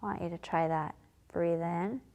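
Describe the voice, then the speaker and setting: A woman teaching a children's yoga class, giving calm, encouraging step-by-step cues. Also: fairly low pitch, normal speed. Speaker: kids yoga instructor. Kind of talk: guided yoga lesson for children.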